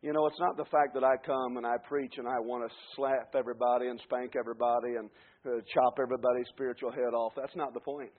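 A man preaching a fervent sermon, dropping to quiet asides and then building to shouted climaxes. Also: mid-range voice, steady tone, quick pace. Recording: tinny phone-like radio broadcast.

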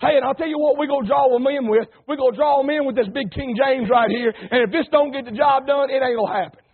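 A man preaching a folksy, rousing sermon that swings between plain talk and loud calls. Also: very high voice, fast talker, breathy edge. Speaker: pastor. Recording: lo-fi phone-like radio broadcast.

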